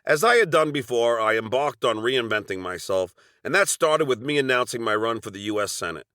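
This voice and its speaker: A man's voice: medium pitch, animated, fairly quick, sharp tone, clean tone, no room sound, clean studio sound. A middle-aged man with a Long Island accent narrating a personal story from a script, with wry, sardonic asides.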